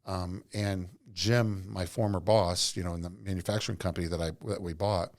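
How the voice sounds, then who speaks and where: A man's voice: deep voice, fairly even intonation, normal speed. A middle-aged man, a podcast guest, telling earnest, rambling stories from his working life. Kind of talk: casual storytelling interview.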